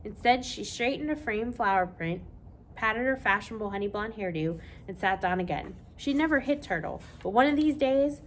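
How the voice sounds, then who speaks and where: A woman, a children's librarian, reading a children's novel aloud with expressive storytelling. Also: a little high, moderate pace, a little hiss or hum.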